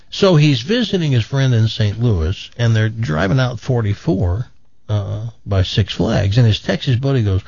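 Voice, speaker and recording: Animated gravelly-voiced man on radio. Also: no room sound, dull audio. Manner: animated storyteller, pitch jumps up for quoted characters. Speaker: radio show host. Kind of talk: casual radio banter and joke telling.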